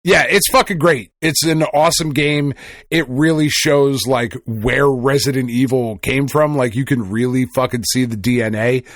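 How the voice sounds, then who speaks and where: A man's voice: medium pitch, moderate pace, no echo, clean studio sound. A male podcast co-host in casual chat, swearing freely and rambling through stories with restarts. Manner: profane, rambling storytelling.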